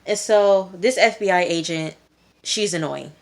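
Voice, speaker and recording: Young woman, low voice, rambly casual tv recap, lots of um and like. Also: unhurried. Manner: chatty, rambling with many fillers and quoted dialogue. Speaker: TV reviewer.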